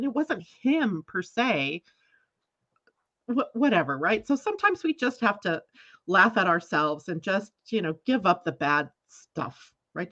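A woman hosting an astrology talk show, telling a story in a chatty, animated way, often laughing and acting out what people said. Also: mid-range voice, muffled recording. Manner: animated, laughs while telling stories, acts out quotes. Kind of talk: casual storytelling chat.

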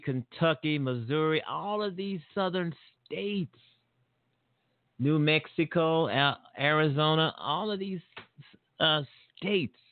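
A man's voice: on the high side, no room sound. Blunt rambling man on a tinny line. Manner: blunt, repetitive, rambling with many fillers. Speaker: talk show host. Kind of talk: political commentary monologue.

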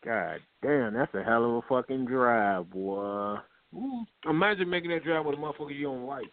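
A man's voice: mid-range voice, expressive, moderate pace, dry recording. A man co-hosting a radio chat, joking and teasing with plenty of profanity. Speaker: radio co-host. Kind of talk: casual radio banter. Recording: dry phone-like lo-fi audio.

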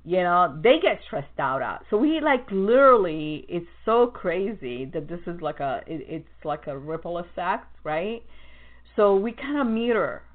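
A woman hosting a podcast, talking in a rambling, animated monologue full of fillers and restarts. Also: on the low side, a little slow. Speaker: podcast host. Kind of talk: casual monologue about customer service. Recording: tinny phone-like sound.

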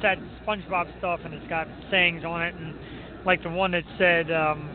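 A man's voice: fairly high pitch, level tone, moderate pace, noisy background. A man hosting a radio show, chatting casually in a joking, self-mocking way. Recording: tinny phone-like line.

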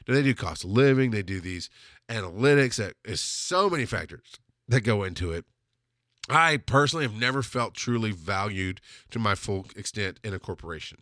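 A man's voice: on the low side, expressive, moderate pace, fairly bright tone, no echo, clean studio sound. A man hosting a solo podcast, talking in a blunt, rambling way and swearing freely. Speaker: podcast host.

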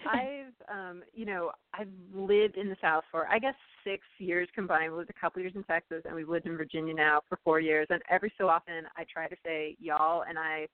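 A woman from California speaks about her book as an interview guest. Her slightly low voice is thoughtful and full of small fillers. The audio is a thin phone line with no room sound. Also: fairly even intonation, brisk, few pauses, no room sound. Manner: thoughtful, with frequent ums and you-knows. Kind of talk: casual interview talk.

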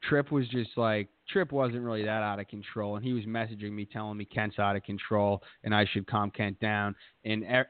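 A man's voice: lowish voice, little pitch movement, moderate pace, few pauses, clean tone, no echo. A man hosting a podcast, telling a rambling, profane story in a boastful casual way. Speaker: podcast host. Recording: tinny phone-like dry sound.

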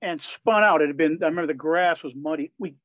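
An older man from Wisconsin tells candid, lively stories as an interview guest. His voice sits fairly high. The sound is dry and a bit dull, with a lo-fi edge. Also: quick pace, no echo. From Wisconsin, USA. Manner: lively, candid anecdotal telling. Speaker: guest, Christian musician and pastor. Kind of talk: storytelling in a conversational interview.

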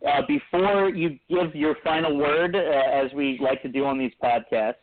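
A man's voice: on the high side, steady tone, moderate pace. Easygoing male podcast host, phone-like sound. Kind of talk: casual podcast chat. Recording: tinny phone-like line.

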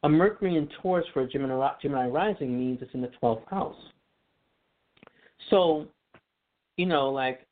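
A man's voice: medium pitch, normal speed, pauses often. A man explaining astrology in casual radio talk, chatty, with many fillers and restarts. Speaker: astrology guest. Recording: tinny phone line.

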